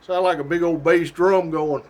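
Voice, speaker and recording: A middle-aged state trooper telling a story from his job in a casual, animated way, laughing often. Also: fairly high pitch, normal speed. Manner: animated, laughs often, folksy drawl-like phrasing.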